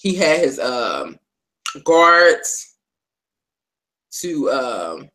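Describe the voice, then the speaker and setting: A woman co-hosting a casual recap, telling the story in an animated way, acting out the characters' lines, with lots of fillers. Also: very deep voice, drawn-out words, rough recording. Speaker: podcast co-host.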